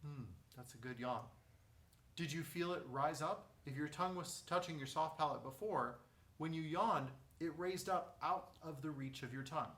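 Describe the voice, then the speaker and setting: A man teaching a vocal lesson, guiding breathing and posture in a calm, step-by-step way. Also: fairly high pitch, moderate pace. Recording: echoey room, mic at a distance.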